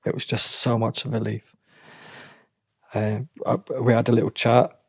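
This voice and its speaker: A middle-aged man with a halting way of talking, often restarting and repeating himself as he tells a personal story in an interview. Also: medium pitch, flat delivery, creaky, breathy edge, no room sound, studio quality. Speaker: interview guest. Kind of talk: emotional personal account.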